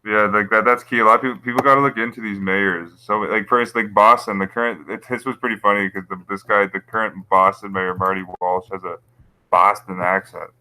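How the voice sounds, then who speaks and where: A man's voice: on the low side, steady tone, brisk, bright, forceful tone, low-quality recording. A man hosting a casual livestream, rambling through conspiracy commentary with frequent chuckles while reading his chat. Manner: rambling, conspiratorial, laughs at his own points. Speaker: YouTube channel host.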